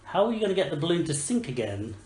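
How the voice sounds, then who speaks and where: A woman running a tabletop game for children, coaxing them along with patient questions. Her voice is low yet animated, heard in an echoey room with a faint hiss. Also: fast talker. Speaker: game master.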